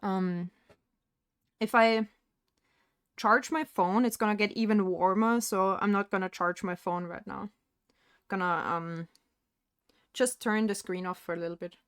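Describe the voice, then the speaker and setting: A woman's voice: medium pitch, steady tone, unhurried, long pauses, clear, resonant tone, dry recording, clean studio sound. A young woman streaming live from home, chatting casually and rambling while she paints, with frequent laughs.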